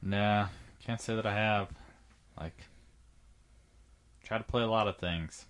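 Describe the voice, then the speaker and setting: A man's voice: on the low side, steady tone, slow, a bit bright. A man co-hosting a casual podcast, jokey, dropping to mumbles and then jumping to sudden yelps. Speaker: podcast co-host, musician.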